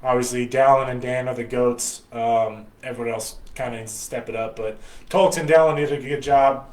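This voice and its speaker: A man's voice: mid-range voice, fairly even intonation, normal speed, darkish tone, reverberant, low-quality recording. An American man hosting a podcast, giving a blunt, profane, rambling opinion monologue. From United States. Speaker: podcast host.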